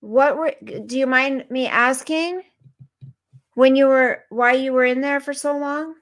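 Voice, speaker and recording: A woman's voice: high voice, fairly even intonation, a little slow. A woman hosting a casual livestream, chatting with viewers by name and sounding unwell and tired. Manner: chatty, answers chat comments by name. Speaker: livestream host reading viewer comments.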